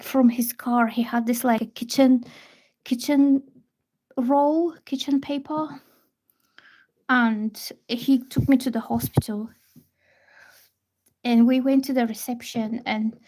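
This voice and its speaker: A young woman does tarot readings on a livestream, her voice sitting on the high side. She chats casually and tells a story, restarting softly and hesitantly as she goes.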